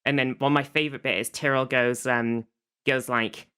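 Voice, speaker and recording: Podcast co-host, male, bright and crisp, rambling casual recapper with fillers. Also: mid-range voice, steady tone, normal speed.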